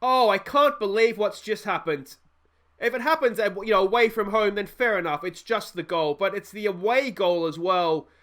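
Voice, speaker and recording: A man with an Australian accent commentating on his own football management game, swinging from calm musing to loud, swearing outbursts. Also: sits high, moderate pace. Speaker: gaming YouTuber.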